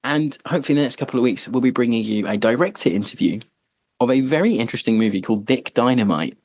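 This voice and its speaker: A man's voice: mid-range voice, lively intonation, fast talker, a little mellow, no room sound. A man hosting a podcast, chatting casually and joking, with lots of fillers. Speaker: podcast host. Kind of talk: casual chat.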